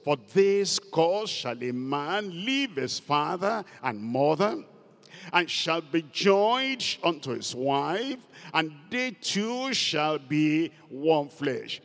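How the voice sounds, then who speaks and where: A man's voice: fairly high pitch, sing-song, slow, gravelly, a bit bright. A man preaching a sermon as pastor, emphatic and repeating key words for stress. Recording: long hall reverb.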